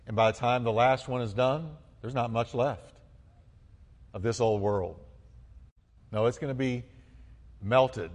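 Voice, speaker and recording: A man preaching as pastor to his church, fervent, building to loud exclamations and calling the congregation to respond. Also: mid-range voice, long reverb tail. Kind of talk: sermon. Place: church sanctuary.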